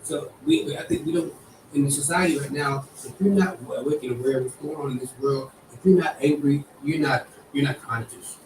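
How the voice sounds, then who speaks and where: A man's voice: a little high, brisk, a little mellow. A man in a group discussion, thinking aloud earnestly and restarting his sentences. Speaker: group participant. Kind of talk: casual discussion. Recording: distant roomy mic with faint noise.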